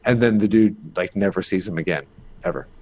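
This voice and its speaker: A man's voice: low voice, a little fast, a little mellow, slight background noise. A man telling a creepy story as a podcast guest, in a rambling, casual way full of fillers and the odd swear.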